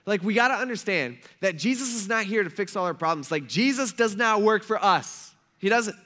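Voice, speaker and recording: A man preaching a sermon as a pastor, speaking in a relaxed, slangy way and acting out the characters of the story in everyday talk. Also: sits high, a little fast. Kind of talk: casual conversational sermon.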